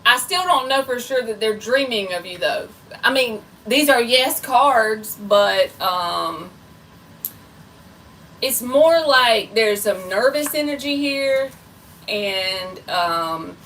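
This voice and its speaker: A woman's voice: fairly high pitch, lively intonation, slow, a bit bright, distant mic, a little hiss or hum, poor audio. A woman giving a live tarot reading in a chatty, playful way. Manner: chatty and playful, self-described goofy. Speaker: tarot reader.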